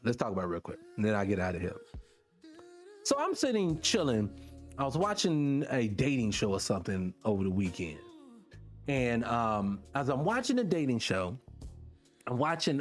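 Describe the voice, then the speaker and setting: Middle-aged guy hosting a radio show, rambling to listeners, voice jumps way up when he gets going, music faint behind. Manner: animated, rhetorical questions, pitch jumps when excited. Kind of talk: casual monologue to listeners.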